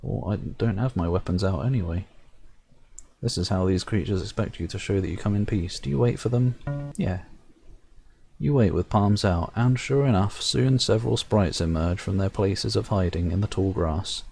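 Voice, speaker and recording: A man with a gravelly, low-warmth voice reads a fantasy game's narration aloud. He drops dry, joking asides between the lines. A faint background noise runs under the recording. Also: moderate pace. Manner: wry asides while reading narration aloud. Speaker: gamer playing a fantasy game. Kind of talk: let's-play commentary reading game text.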